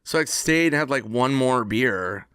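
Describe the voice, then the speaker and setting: A man on a podcast telling a casual anecdote in an animated way, acting out the quoted dialogue. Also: medium pitch, a little slow, a little hiss or hum. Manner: animated storyteller who acts out quoted dialogue. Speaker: podcast guest.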